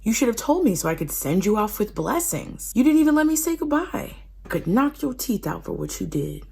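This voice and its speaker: A woman's voice: on the high side, very animated, a little fast, creaky, darkish tone, breathy edge, pitched above the performer's own voice, full character voice. A woman voicing an angry old father-in-law who accuses and bargains, raising her voice in indignation. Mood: indignant.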